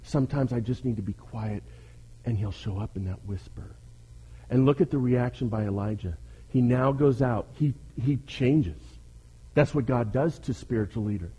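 A man's voice: mid-range voice, moderate pace, dark tone, husky, low-quality recording. A male pastor preaching a sermon, asking his listeners questions and pressing his points with emphasis.

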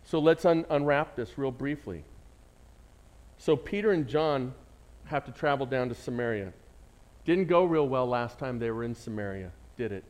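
Delivering a sermon at normal speed, this pastor has a mid-range voice with a touch of mellowness. He asks his congregation questions and then supplies the answers himself, call-and-response fashion.

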